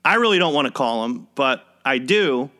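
A man's voice: mid-range voice, lively intonation, moderate pace, sharp tone. A young man hosting a podcast, casually telling a personal work story in a wry, conversational way and chuckling as he goes. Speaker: podcast host.

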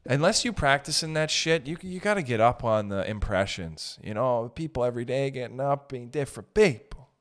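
A young man doing a casual comedic monologue, rambling and joking with swerving pitch and pace. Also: expressive, a little fast. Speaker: comedian host.

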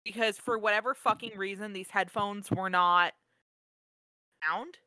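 A podcast co-host in casual chat, rambling and excitable, often cutting themself off, recorded on their own mic over a remote call. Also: mid-range voice, unhurried, no echo. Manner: rambling, self-interrupting, excitable.

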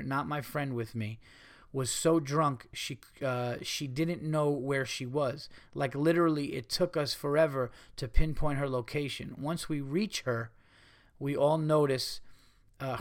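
A man's voice: medium pitch, fairly bright tone. A young adult man hosting a comedy podcast, reading listener stories aloud with crude, laughing asides.

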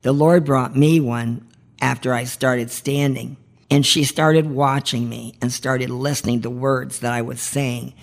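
Slow, earnest woman giving devotional teaching. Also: very deep voice, steady tone. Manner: earnest, pleading, heartfelt. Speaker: host of a marriage ministry podcast.

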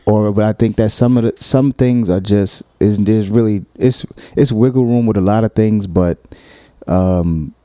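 A man's voice: fairly low pitch, moderate pace, dark tone, no echo, clean studio sound. A man talking casually about relationships and explaining his view earnestly and at length. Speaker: podcast co-host.

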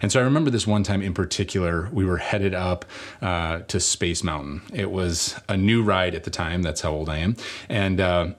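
A man preaching a sermon, telling a personal story in a lively way and joking about himself. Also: deep voice. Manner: animated storytelling, self-mocking humor. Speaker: pastor.

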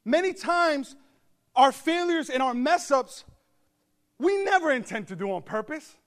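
High-voiced man preaching with animated humor. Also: a little slow. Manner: animated, joking asides, bursts of shouting. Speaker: pastor. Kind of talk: humorous storytelling sermon. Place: church service before a congregation.

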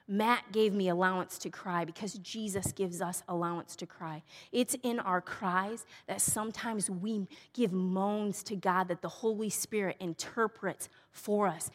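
A middle-aged woman speaking at a women's church event, telling personal stories earnestly and moving between bright emphasis and hushed, tender softness. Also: medium pitch. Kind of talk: personal teaching talk. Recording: long reverb of a large hall.

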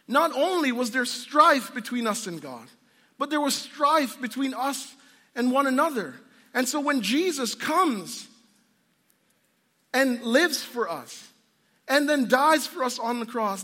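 Casting: an earnest man with a very high voice preaching a sermon, long echo of a large hall. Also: bright, forceful tone. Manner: earnest, storytelling, frequent restarts. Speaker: pastor.

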